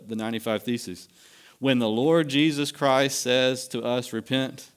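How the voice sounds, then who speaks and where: A man's voice: medium pitch, clean tone. A middle-aged man preaching a sermon, full of rhetorical questions, his voice rising and dropping for emphasis. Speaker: pastor.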